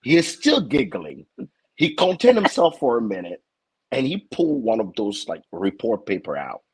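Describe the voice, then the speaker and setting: Lively husky man. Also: medium pitch, normal speed, low-quality recording. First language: French. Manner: animated, stammering repeats, acts out other voices. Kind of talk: casual comic storytelling.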